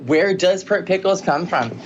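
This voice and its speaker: A man from Canada, a podcast guest, telling a story excitedly on a video call, with many fillers and frequent laughter. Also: sits high, unhurried, highs cut off, a little hiss or hum.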